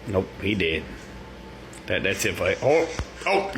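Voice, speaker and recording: A man's voice: deep voice, big pitch swings, measured pace, noisy background. A man doing a rambling comic rant full of incredulous rhetorical questions. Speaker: comedian.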